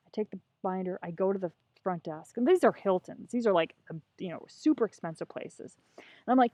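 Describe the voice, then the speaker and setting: A middle-aged woman telling a story as a podcast guest, animated and a bit profane, acting out what people said. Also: medium pitch, brisk, no room sound, dull audio. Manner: animated, acts out voices, profane. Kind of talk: casual storytelling.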